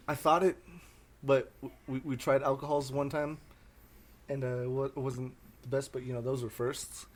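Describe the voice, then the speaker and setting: A man in a casual podcast chat, talking in a hesitant, halting way. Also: medium pitch, level tone.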